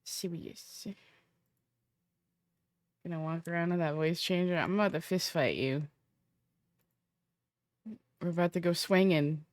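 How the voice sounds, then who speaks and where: Her voice fairly low and steady, a woman streamer speaks at a moderate pace with long pauses and no echo. She casually, profanely chats to her viewers, half talking to herself, as she sets up a roleplay character.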